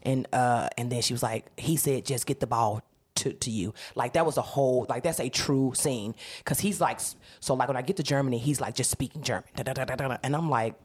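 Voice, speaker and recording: Husky lady comedian, laughing thru a story, cusses a lot. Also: a bass voice, a little fast. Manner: animated, laughing, swears freely. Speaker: comedian guest. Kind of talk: casual storytelling chat.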